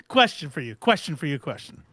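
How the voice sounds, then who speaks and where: Man, podcast co-host, bright sharp tone, lively pitch, teasing banter. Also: breathy edge, dry recording, studio quality. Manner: laughing, teasing, quick banter. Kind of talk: casual comedic chat.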